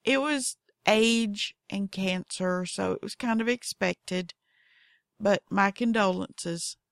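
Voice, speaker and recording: A woman with a Southern accent talks slowly and folksily, hosting her own podcast. Her voice has a gravelly, fry-tinged edge. It is recorded dry and close, with no room sound. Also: medium pitch, dry recording. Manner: goofy, folksy, acts out her cats in voices. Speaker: podcast host. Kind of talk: casual storytelling monologue.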